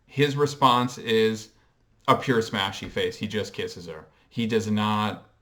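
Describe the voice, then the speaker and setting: A man's voice: lowish voice, fairly even intonation, takes it slowly, bright, forceful tone. A man vlogging casual commentary in a reflective, hesitant way, with frequent ums as he explains and coins terms. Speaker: pop culture vlogger.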